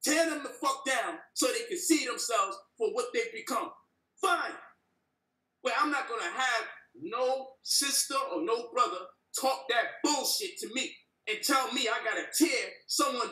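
A man's voice: very high voice, pushed and bright. A man in a heated debate, ranting passionately with heavy profanity and a preachy tone. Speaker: debate guest. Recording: echoey room, distant from the mic.

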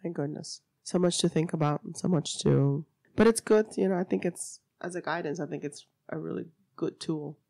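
A woman's voice: deep voice, moderate pace, gravelly, hardly any pauses, warm tone, no echo. A woman from Miami co-hosting a podcast, chatting loosely and laughing often. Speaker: podcast co-host. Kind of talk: casual chat.

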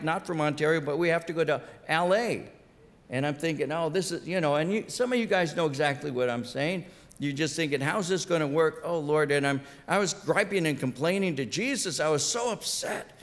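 A man preaches with earnest conviction, his fairly high voice carrying a long reverb through a large conference hall. He often repeats words as he builds each point. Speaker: pastor. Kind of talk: sermon.

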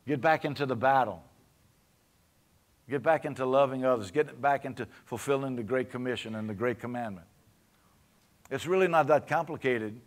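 Male pastor, Cajun accent, mid-pitched, conversational sermon delivery with frequent call-and-response. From Louisiana. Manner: conversational preaching, often asking the congregation for an amen.

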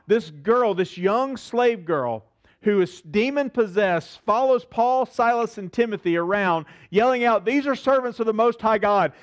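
A male pastor preaching a sermon, animated and emphatic, lifting his voice to stress points and slowing down on key phrases. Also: high-pitched.

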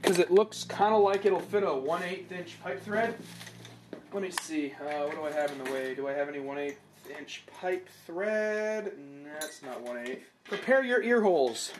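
High-pitched guy doing a rambly dry review, camera mic, noisy recording. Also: normal speed. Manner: rambling, dry and self-mocking. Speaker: product review vlogger. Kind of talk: casual unboxing commentary. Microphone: camera microphone.

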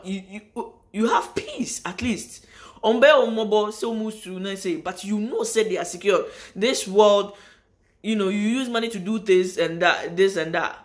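A woman vlogger speaks straight to her audience in a loose, unscripted monologue. She presses her points by repeating them and often breaks off mid-sentence to start again. The delivery is earnest and emphatic. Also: mid-range voice. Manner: emphatic, repeats phrases for stress; rambling with restarts, addresses viewers directly. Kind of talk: casual spoken monologue to camera.

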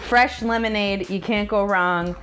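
A woman's voice: medium pitch, a little slow, fairly bright tone, slight background noise. A woman in her thirties, a mother and vlogger, chatting enthusiastically in a casual home product review, laughing often.

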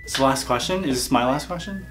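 A man hosting a relaxed YouTube chat, trading questions with a guest. He keeps things playful and breaks into laughter often. His voice sits at a middling pitch, with soft music faintly in the background. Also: fast talker. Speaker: YouTuber host. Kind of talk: casual interview chat.

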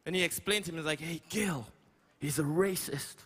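A man from Canada doing a stand-up comedy set, with a loud, profane, punchy delivery. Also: on the high side, normal speed, slightly rough. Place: large comedy stage with live audience. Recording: loud crowd and room noise.

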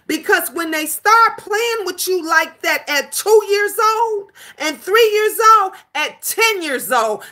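A middle-aged grandmother ranting in casual commentary, emphatic and scolding, animated as she tells stories. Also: high-pitched. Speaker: commentary channel host.

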